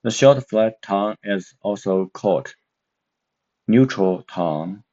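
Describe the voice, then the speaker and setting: A man with a very low voice teaches a language lesson at an unhurried pace. He explains step by step and pauses often to search for words. The recording sounds dull and muffled. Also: dark tone. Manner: slow, careful, with many fillers and pauses. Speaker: Mandarin teacher.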